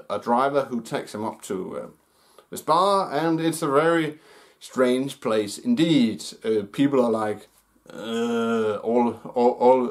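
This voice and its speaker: A man hosting his own movie review show, talking in a casual, unscripted way with many pauses, fillers and restarts. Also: mid-range voice.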